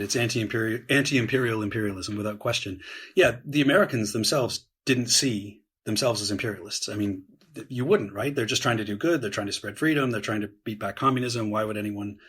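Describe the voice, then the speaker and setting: A man speaking as a guest historian on a podcast, explaining at length in a measured way with frequent "um"s and "right?"s. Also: lowish voice, fairly bright tone, breathy edge.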